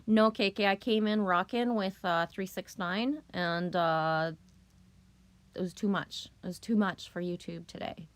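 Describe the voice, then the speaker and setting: A woman's voice: lowish voice, fairly even intonation, a little slow, dry recording. A middle-aged woman chatting casually on a live stream, loose, profane and rambling as she greets viewers.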